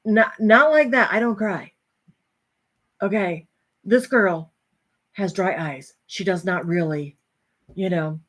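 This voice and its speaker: A middle-aged woman host telling a personal story to an audience, animated and acting out the voices of others. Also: medium pitch, slow, long pauses.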